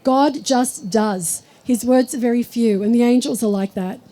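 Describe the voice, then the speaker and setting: High-voiced woman telling spiritual stories. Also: moderate pace, mellow, rough recording. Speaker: spiritual teacher. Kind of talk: live talk to an audience.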